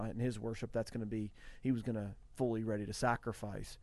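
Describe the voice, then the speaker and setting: A man's voice: fairly low pitch, level tone, fast, hardly any pauses, a little mellow, dry recording. A man talking earnestly about worship, repeating phrases as he builds emphasis. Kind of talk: conversational preaching.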